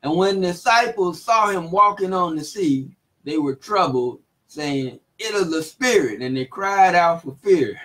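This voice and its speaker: A man teaching the Bible in a relaxed, casual way, reading verses and retelling them in everyday speech with frequent chuckles. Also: high-pitched, a little slow, low-quality recording.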